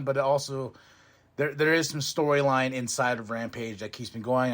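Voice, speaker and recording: A man hosting a podcast, reviewing a wrestling show in a rambling, excitable way, laughing often and swearing freely. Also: medium pitch. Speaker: podcast host.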